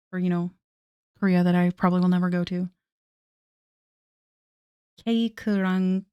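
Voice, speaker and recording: A woman's voice: lowish voice, dark tone, dry recording, clean studio sound. A woman streamer chatting casually on a live art stream, self-deprecating and laughing often.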